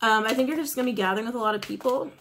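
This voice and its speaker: A woman's voice: fairly high pitch, rapid-fire, a little hiss or hum. A woman giving a casual tarot reading to her viewers, chatty and rambling with many fillers. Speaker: tarot reader.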